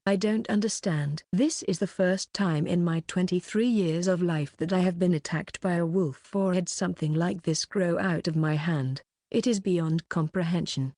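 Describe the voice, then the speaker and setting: A woman reads a novel aloud in a low, level voice, taking each line at a measured pace. The recording is dry and close, with no room sound around her. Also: warm tone, no echo. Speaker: audiobook narrator. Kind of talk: scripted narration.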